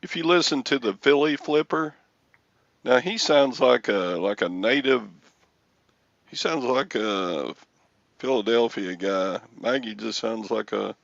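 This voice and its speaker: Male host, gravelly, unhurried casual talker, lo-fi dry sound. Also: mid-range voice, a bit bright, no room sound. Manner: slow, chatty, imitates others' speech. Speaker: podcast host. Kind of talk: casual chat.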